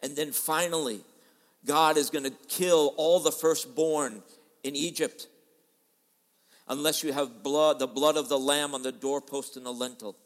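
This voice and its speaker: A man preaching a sermon in a dramatic style, switching between loud and soft as he acts out quoted voices. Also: on the high side, steady tone, measured pace, in a large hall. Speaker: pastor. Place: large church hall.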